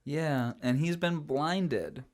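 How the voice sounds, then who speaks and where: A fairly high-pitched man speaks slowly while co-hosting a film podcast. The chat is casual and talkative, punctuated by hesitations and fillers, and he often mimics voices playfully when quoting.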